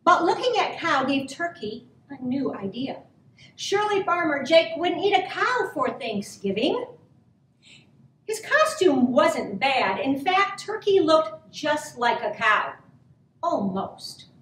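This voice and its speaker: Lady reading a kids' book slow and sing-songy, high voice, echoey room, mic far off. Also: slight background noise. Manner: gentle, expressive, drawn-out. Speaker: children's story reader. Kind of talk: storybook read-aloud for children. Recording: roomy, from a distance.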